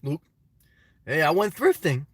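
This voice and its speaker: A man's voice: on the high side, big pitch swings, measured pace, breathy edge, no room sound. A man livestreaming from inside his car, giving a joking mock-solemn presidential address and laughing often.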